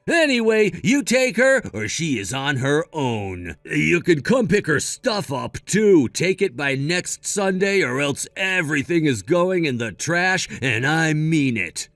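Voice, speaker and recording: A man's voice: on the high side, a bit bright, no room sound, full character voice. A man voicing a selfish, rude grown brother in a read-aloud text-message story, blunt and sneering. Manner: blunt, sneering, then pleading. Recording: dry close mic with faint music.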